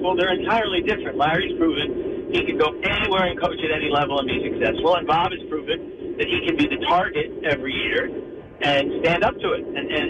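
A middle-aged man with a slightly high voice tells a long story as a radio guest, jumping into the voices of everyone he quotes. Heavy noise runs behind him on the broadcast line. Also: dull audio. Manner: animated anecdote teller, acts out quoted voices. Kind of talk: phone-in radio interview storytelling.

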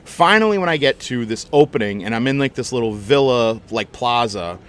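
A man hosting a podcast, telling a story in a casual, animated, chatty way and swearing freely. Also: medium pitch, fairly quick. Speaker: podcast host.

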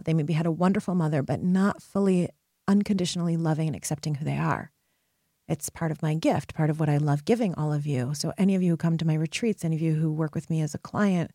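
A woman's voice: lowish voice, warm tone, slightly rough, no echo, studio quality. A woman podcast host and life coach telling a personal story in an earnest, emphatic way, often checking in with "right?".

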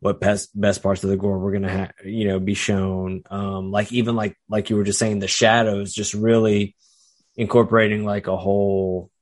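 A man chatting casually about a film, halting and searching for words mid-sentence. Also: fairly low pitch, little pitch movement. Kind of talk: casual film discussion chat.

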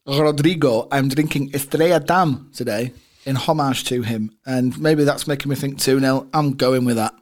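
A man's voice: mid-range voice, normal speed. A man co-hosting a football podcast, chatting casually with banter and jokes. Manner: joking, banter-filled. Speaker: podcast co-host.

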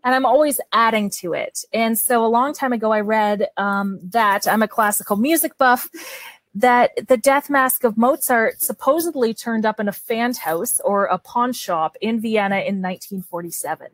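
Gushing Canadian woman, crisp and dry. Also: fairly high pitch, normal speed, no echo. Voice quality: gushing, enthusiastic. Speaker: guest author. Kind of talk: casual interview.

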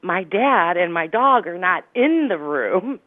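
A middle-aged woman, a psychic medium guest, retelling a personal story in a lively, dramatic way, with laughs as she goes. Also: on the low side, slow, dry recording, phone-quality sound.

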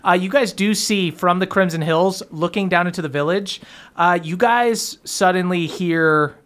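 A man's voice: sits high, moderate pace, a bit bright. A man as game master, casually narrating a tabletop game with many fillers and the odd curse.

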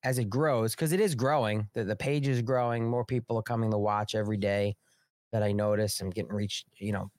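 A man's voice: fairly low pitch, steady tone, fairly quick, a little mellow, no echo, clean studio sound. A man hosting a casual live political show, rambling and sarcastic with frequent swearing. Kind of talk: casual live-stream commentary.

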